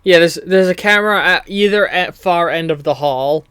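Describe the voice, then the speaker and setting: A man's voice: fairly high pitch, moderate pace, pushed and bright, clear, resonant tone, no room sound, clean studio sound. A man narrating as game master of a tabletop game, chatty and loose, laughing at his own jokes.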